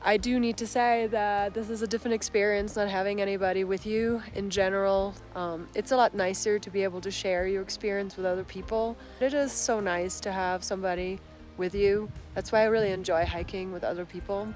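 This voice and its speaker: A woman films a casual solo hiking vlog outdoors on a mountain trail. She talks in a chatty, reflective way and muses aloud to her viewers. Her voice sits at a middle pitch, with music playing underneath. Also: fairly even intonation, a little fast, a little mellow. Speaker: solo thru-hiker vlogger.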